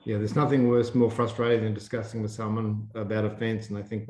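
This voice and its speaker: A mellow-voiced Australian man hosts a webinar, putting casual questions to the panel. His fairly low voice is heard in an echoey room. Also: level tone, fast talker, few pauses. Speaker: host. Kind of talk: webinar moderating.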